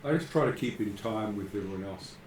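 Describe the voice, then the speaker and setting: A man's voice: on the low side, animated, fast talker, a little mellow, a little hiss or hum. A man playing in a tabletop game, mostly answering with short, agreeable replies. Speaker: player. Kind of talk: casual tabletop play chat.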